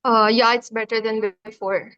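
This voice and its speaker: Woman moderator, hesitant polite voice, fairly high, dull call audio. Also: level tone, moderate pace, fairly bright tone, dry recording. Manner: hesitant, with fillers. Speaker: webinar moderator.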